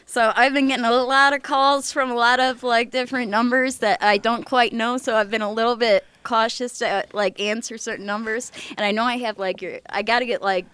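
Brief: woman, soft and halting, clear smooth voice, slightly high. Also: steady tone. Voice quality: soft, hesitant, many "like"s. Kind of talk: casual group chat.

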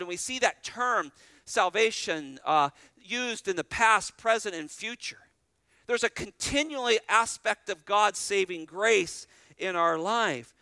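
A middle-aged man preaching a sermon as pastor, emphatic, with loud stressed phrases and repeated starting words. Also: high voice, lively intonation, unhurried, smooth, no echo.

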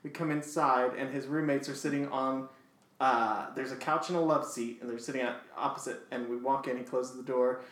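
A man's voice: medium pitch, normal speed. A man on a podcast telling a funny story in a casual way, laughing and acting out voices as he goes. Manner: animated, laughing, acts out voices in his stories. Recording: echoey room.

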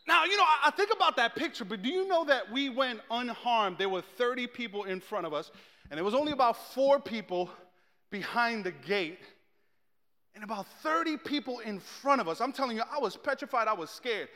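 A man telling a personal story in a sermon, animated and joking, acting out the people in it. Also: extremely high pitch, brisk. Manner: animated, humorous, acts out the people he quotes. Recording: long reverb in a large hall.

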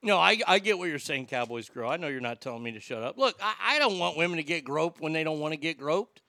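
A man's voice: fairly high pitch, lively intonation, fast, sharp tone, no echo, studio quality. A middle-aged man hosting a talk show, ranting with blunt opinions and stammering restarts.

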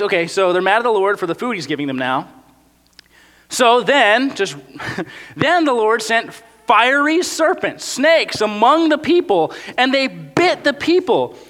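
A man preaching with a high, bright voice, chatty and animated. He acts out the grumbling lines he quotes. His voice carries a long echo from a big hall. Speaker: pastor. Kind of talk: sermon. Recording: long reverb of a large hall.

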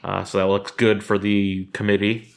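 Man, lowish voice, podcast co-host, measured opinionated sports talk. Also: little pitch movement, vocal fry. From Southern California. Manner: measured, opinionated analysis with "um" fillers. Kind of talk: casual sports chat.

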